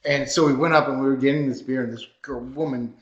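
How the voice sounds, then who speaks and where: A man's voice: mid-range voice, fast talker, reverberant, muffled recording. A man co-hosting a podcast, telling anecdotes in a casual chat and laughing as he goes. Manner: animated storyteller who laughs through his anecdotes. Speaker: podcast co-host.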